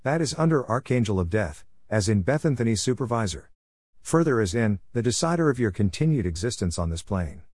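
A man's voice: lowish voice, sing-song, a little fast, a little mellow, no echo, studio quality. A man voicing a pompous, formal male angel of death who talks in a stiff, correct, lecturing way. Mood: stern.

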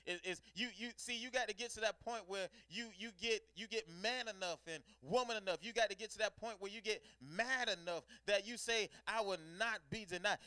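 Male preacher, fervent call-and-response sermon, high and bright voice. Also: clean tone, dry recording.

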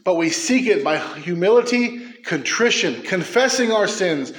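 A man preaching a sermon as pastor, impassioned, swinging from quick asides to slow, emphatic declarations. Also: high voice, animated, reverberant, a little hiss or hum.

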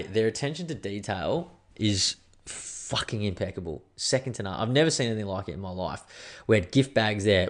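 A young Australian man in a casual podcast at home, spinning a yarn with animated, slangy energy and frequent swearing. His voice sits a little on the lower side. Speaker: podcast host. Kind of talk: casual storytelling. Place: indoors at home.

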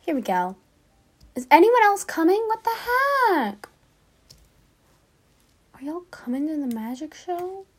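A woman's voice: sits high, big pitch swings, normal speed, a little mellow. A woman chatting casually as she plays a game, reading its lines aloud and reacting along the way. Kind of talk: gameplay commentary.

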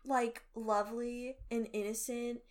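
Young woman, casual fan chat, gushing and emotional, somewhat high voice. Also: little pitch movement, a little slow. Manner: gushing, emotional, laughs often.

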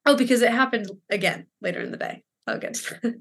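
Her voice on the high side with lively intonation, vocal fry and a fairly bright tone, a podcast co-host in her twenties talks fast through a story in casual chat. She rambles, leans on fillers and acts out dialogue, and she is emotional and near tears.

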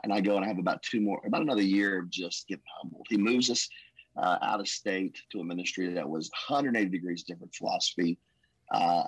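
A man tells his story as a pastor, earnest and emotional. His voice sits low and husky. The recording is close and dry, with no room sound. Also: no room sound, low-quality recording. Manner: emotional, earnest, says "man" and "bro" often. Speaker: pastor, podcast guest. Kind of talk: testimony storytelling.

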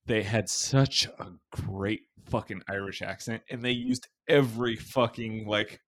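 A young man hosting a podcast, telling crude stories in casual, animated chat and swearing often. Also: lowish voice, measured pace. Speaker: podcast host.

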